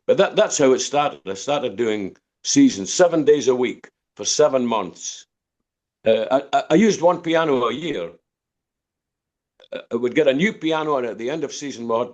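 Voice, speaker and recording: An older man from Dundee, Scotland, speaks in a medium-pitched, darkish voice. As a musician being interviewed on a podcast, he rambles through long anecdotes with many repeated words and restarts.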